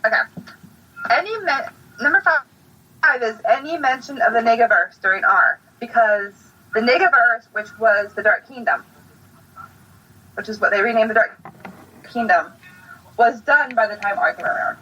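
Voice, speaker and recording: A woman co-hosting a casual fan podcast, chatty and hesitant, often pausing on fillers. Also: fairly high pitch, pushed and bright, breathy edge. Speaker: podcast co-host. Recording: distant, dull lo-fi mic.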